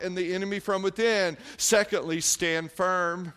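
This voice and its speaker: A man's voice: high-pitched, fairly even intonation, unhurried, hardly any pauses, sharp tone, clean tone. A middle-aged man, preaching a sermon, telling a story conversationally with fillers and restarts before building to emphatic exhortation. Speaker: pastor.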